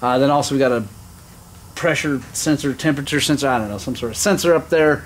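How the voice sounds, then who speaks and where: A man's voice: medium pitch, fast talker, slight background noise. A man casually talking through a motorcycle engine job in his workshop, rambling and chuckling as he goes. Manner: rambling, chuckling, animated when telling stories. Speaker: motorcycle shop vlogger. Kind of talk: casual shop vlog with storytelling.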